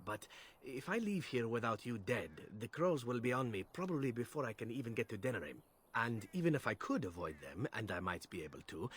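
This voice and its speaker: A man voicing a polite, wry male assassin in a video game, speaking in a smooth foreign accent. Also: mid-range voice, a little hiss or hum, close to an everyday voice. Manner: smooth, courteous, playful.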